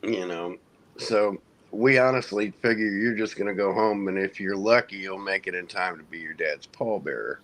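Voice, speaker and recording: A man in his forties from Indiana, a military veteran telling a long story in a relaxed, profane way to friends in a casual hangout. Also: deep voice, normal speed. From United States (Indiana). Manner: profane, laid-back storyteller who mimics others.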